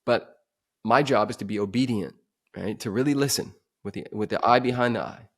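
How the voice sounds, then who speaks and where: Guy with a lowish voice, podcast guest telling an intense story, gets loud then goes quiet. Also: fairly quick. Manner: intense, swings from emphatic to hushed. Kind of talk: dramatic personal storytelling.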